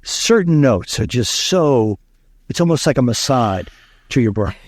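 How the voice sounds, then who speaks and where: A man being interviewed as a communication coach, explaining with animated storytelling and frequent fillers. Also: mid-range voice, measured pace, no echo.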